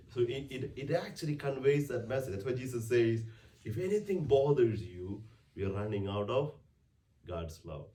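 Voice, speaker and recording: This weekday sermon comes from a priest speaking in a conversational way, full of restarts and rhetorical questions. He has a mid-range, darkish voice. The distant mic picks up the church's roomy acoustics along with slight background noise.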